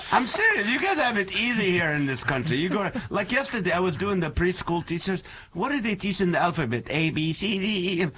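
A man's voice: high-pitched, normal speed. Joking middle-aged man, faint noise. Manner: animated and joking, laughs often. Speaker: comedian guest. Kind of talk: casual chat with comic bits.

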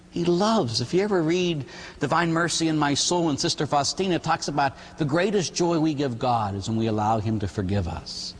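A Catholic priest from the Pittsburgh area preaches in a large hall. His voice carries a long, echoing reverb over a faint hum. He speaks in an animated storytelling manner, slipping into quoted voices and tossing in quick tag questions. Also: medium pitch. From Pittsburgh area, United States. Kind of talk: sermon.

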